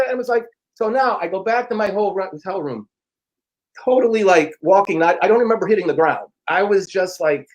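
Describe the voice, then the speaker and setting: A middle-aged man, an interview guest and personal growth teacher, telling a story in a frank, profane, animated way and acting out the dialogue. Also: high-pitched, brisk, rough recording. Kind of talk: casual storytelling.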